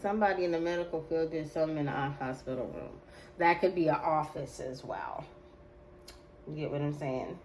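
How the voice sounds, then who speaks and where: A woman's voice: deep voice, lively intonation, a little mellow, slight background noise, low-quality recording. A woman giving a casual, slangy tarot reading to her viewers, repeating phrases and drawing words out. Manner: slangy, drawn-out repetitions. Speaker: tarot reader.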